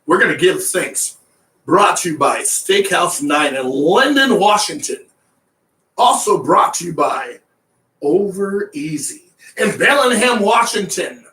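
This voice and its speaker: A man co-hosting a radio show, upbeat and excitable, bantering and laughing with his partner. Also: sits high, measured pace, reverberant, recorded from a distance. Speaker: radio DJ and co-host. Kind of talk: casual on-air banter.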